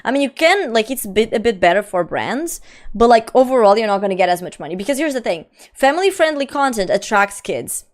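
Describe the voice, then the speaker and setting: A woman's voice: fairly high pitch, very animated, brisk. A young adult woman streamer chatting casually and reading her chat aloud. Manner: chatty, reads chat aloud, frequent laughs and "like".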